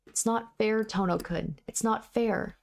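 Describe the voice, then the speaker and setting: A woman voicing a tearful, guilt-ridden young woman, reading a visual novel aloud in a higher, pleading voice. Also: a little slow, creaky, a little mellow. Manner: higher, sobbing, pleading delivery.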